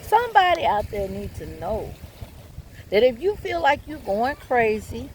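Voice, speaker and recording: A woman's voice: on the high side, sing-song, measured pace, slight background noise. A woman vlogger telling her own story and giving advice to viewers. She talks bluntly and candidly, swears freely, and keeps turning to her audience.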